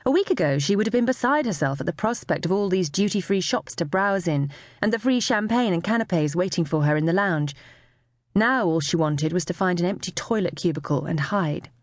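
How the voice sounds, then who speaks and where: Expressive woman audiobook narrator. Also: on the low side, brisk, no room sound, studio quality. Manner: expressive storytelling. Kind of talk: scripted narration.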